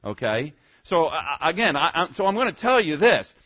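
A man's voice: a little high, big pitch swings, moderate pace, lo-fi sound. A male pastor giving a rambling, conversational sermon, full of rhetorical questions and repeated "okay?" checks with the congregation. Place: church service.

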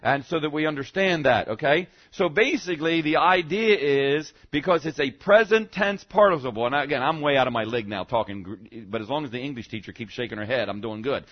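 A man's voice: medium pitch, a little fast, few pauses, dull audio. A male pastor preaching a teaching sermon in a conversational way, often checking in with the congregation and punching key words for emphasis.

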